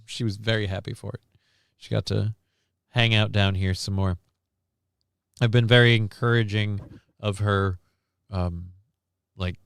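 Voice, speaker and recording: A man's voice: on the low side, a bit bright, clear, resonant tone. A man hosts a casual livestream from his desk, talking off the cuff and tripping over repeated words as he goes. His voice is clean and resonant. The close mic gives a dry sound with no room echo. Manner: rambling, repeats and restarts words. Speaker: streamer host.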